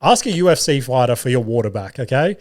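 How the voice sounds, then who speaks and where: An Australian man hosting a podcast, telling a self-mocking story in a casual, animated way and swearing often. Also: medium pitch, fast. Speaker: podcast host. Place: home garage studio.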